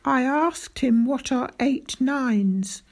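A woman's voice: sits high, slow, voice pushed up, exaggerated voice. A woman voicing a timid young schoolboy who politely owns up to his teacher. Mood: pleading. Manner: pleading, polite.

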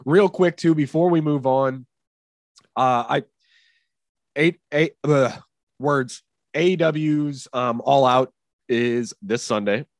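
A man's voice: medium pitch, takes it slowly, long pauses, no echo. Male host, mid voice, swearing rambler, dry close mic. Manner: rambling, profane, with many fillers. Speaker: podcast host. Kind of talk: casual chat.

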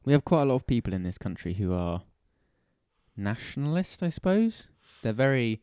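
A man's voice: mid-range voice, sing-song, moderate pace, mellow, clear, resonant tone, no room sound, clean studio sound. A British man co-hosting a casual chat, who turns to passionate ranting and swears freely. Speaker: podcast co-host.

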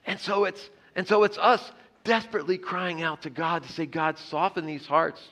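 An earnest male pastor delivers a sermon in a bright, ringing voice that sits a little high for a man. He repeats himself as he builds a point and lets his voice drop softly on the key phrases. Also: fairly even intonation, moderate pace.

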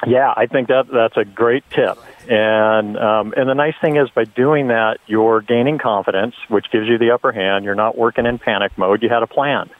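A man's voice: mid-range voice, fairly even intonation, moderate pace, hardly any pauses, no echo. A middle-aged man calling in to a talk show, telling a story earnestly with many ums and uhs. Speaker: caller. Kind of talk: phone-in story. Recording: tinny phone line.

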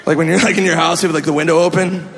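A male stand-up comedian from Minnesota, telling a story in an animated, exaggerated way with sudden shouts. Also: on the high side, very fast, creaky. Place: comedy club stage. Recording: echoey club, audience laughter and noise.

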